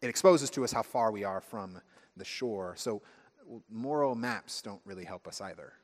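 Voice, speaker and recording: A man preaching a sermon as pastor, telling stories with lively, acted-out asides. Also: lowish voice, normal speed. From United States. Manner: animated storytelling, acting out friends' voices. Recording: long hall reverb.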